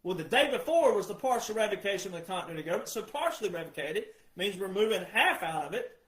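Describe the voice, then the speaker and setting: Male commentator, insistent and repetitive delivery, higher pitch, echoey room sound. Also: sing-song, fast. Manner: insistent, repetitive, addresses "ladies and gentlemen". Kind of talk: emphatic monologue.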